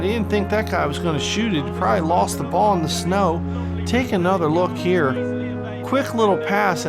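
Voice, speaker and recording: A man hosting a gaming video, calling the on-screen action in an excitable mock sportscaster style with bursts of frustration. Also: a little high. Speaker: gaming channel host. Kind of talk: play-by-play gameplay commentary.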